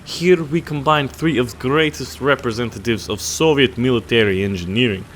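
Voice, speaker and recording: A man putting on a deliberately bad Russian accent to read out a promotional offer as a grand male announcer. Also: mid-range voice, a bit bright, a little hiss or hum, lightly acted. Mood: mock-grand. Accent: put-on Russian. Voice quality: hammy, deliberately bad accent with added throat rasp. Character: mock-Russian male announcer hyping a sale.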